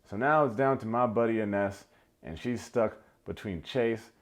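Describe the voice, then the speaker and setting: A man's voice: lowish voice, unhurried. A man, recapping a dating show with sarcastic, playful commentary and mock impressions. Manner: sarcastic, playful, mimics people he quotes. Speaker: recap video host. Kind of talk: comedic reality show recap.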